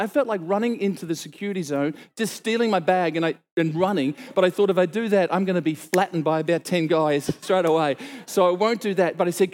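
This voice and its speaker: A middle-aged man preaching, telling a story and acting out the dialogue with sudden exclaimed lines. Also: fast talker. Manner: animated, acts out dialogue with sudden high exclamations. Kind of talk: storytelling sermon.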